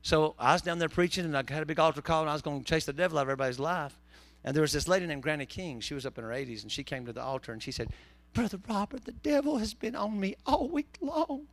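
Preacher guy, bright voice, cracking jokes in his sermon, kinda high. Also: very fast, no echo. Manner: folksy, joking storyteller with southern turns of phrase. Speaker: pastor.

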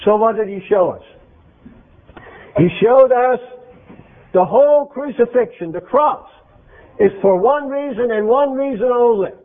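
A man's voice: very high-pitched, expressive, unhurried, pauses often. A man preaching an interactive sermon, speaking emphatically and quizzing his congregation with questions. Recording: tinny phone-like lo-fi recording.

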